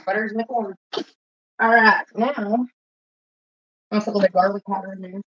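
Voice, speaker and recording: A woman's voice: medium pitch, steady tone, fairly quick, lo-fi sound, noisy background. A woman vlogger telling a rambling, profane story while she cooks. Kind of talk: casual storytelling while cooking.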